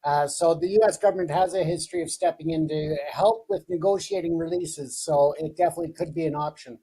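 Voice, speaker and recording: A man's voice: a little high, fairly quick, mellow, husky, poor audio. A man co-hosting a political commentary show, answering in brief, matter-of-fact remarks. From Canada. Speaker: co-host.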